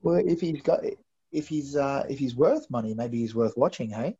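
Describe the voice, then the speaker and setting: With lively intonation and a dark, slightly rough tone, this man speaks in a mid-range voice at a moderate pace. He co-hosts a wrestling recap show, musing in casual chat with stammered restarts, and the audio is somewhat dull and lo-fi.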